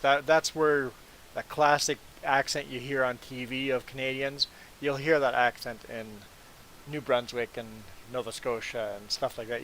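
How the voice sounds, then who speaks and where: Man, livestream host, casual chat, mid-pitched voice, laughs a lot, faint hiss behind. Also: a bit bright, rough recording. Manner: chatty, laughs often, self-deprecating.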